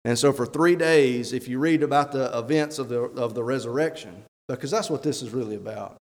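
A man's voice: medium pitch, brisk. A man, a church elder, preaching a sermon with emphatic rhetorical questions and reading scripture aloud. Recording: long hall reverb.

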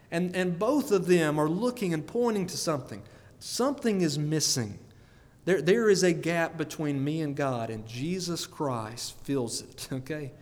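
A man's voice: a little high, animated, unhurried, darkish tone, long reverb tail. A man preaching a sermon in an earnest way, often repeating words and putting questions to his listeners.

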